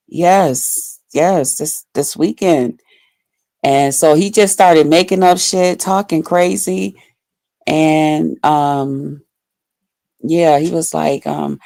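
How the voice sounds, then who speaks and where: A woman's voice: low-pitched, slow pace, creaky, mellow, dry recording. A woman vlogger telling a personal story to her viewers in casual, blunt, profane talk full of fillers.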